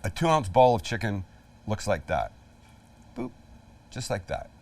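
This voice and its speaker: A man's voice: lowish voice, sing-song, measured pace, darkish tone. Male cooking host, casual and self-mocking, slightly distant mic pickup. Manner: jokey, chatty, self-deprecating. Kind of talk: live cooking demonstration.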